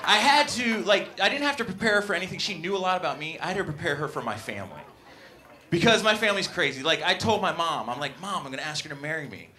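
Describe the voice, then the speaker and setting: A young man doing stand-up in a comedy club, talking to the crowd through a stage mic. His voice is bright and a little high, and it swings up and down a lot as he works the room. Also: expressive, quick pace. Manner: loud, upbeat crowd work.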